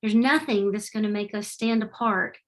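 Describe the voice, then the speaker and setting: A middle-aged woman giving a heartfelt, animated presentation over a video call. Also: medium pitch, moderate pace. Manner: warm, heartfelt and animated, with faith-tinged phrasing. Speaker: presenter at a webinar. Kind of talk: presentation with slides. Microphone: remote video call.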